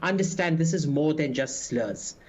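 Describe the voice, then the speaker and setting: A man's voice: on the high side, animated, moderate pace, darkish tone. A man speaking as a guest on a news panel, indignant and full of hesitant fillers. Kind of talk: remote TV debate commentary.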